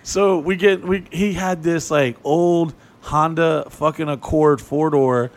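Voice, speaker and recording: On a podcast, a male co-host with a fairly high voice slowly spins a long, crude, rambling story during casual chat. He's animated and profane, cursing often.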